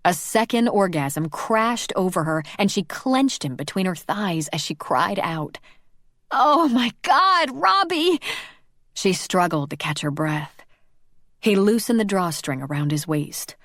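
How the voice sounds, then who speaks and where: A woman narrating a romance audiobook in a slow, measured, intimate reading. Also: fairly low pitch, dry recording, clean studio sound.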